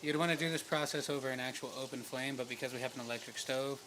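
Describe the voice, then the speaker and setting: A man appearing as a guest chef, explaining steps in a relaxed, matter-of-fact way. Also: mid-range voice, fast talker, background noise. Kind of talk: casual chat.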